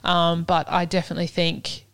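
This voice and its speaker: A candid woman co-hosting a chat podcast. Her voice sits a little low and sounds smooth and clear. The studio sound is dry and close, with no room echo. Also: completely flat delivery, normal speed, fairly bright tone. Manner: candid, chatty, many fillers. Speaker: podcast co-host.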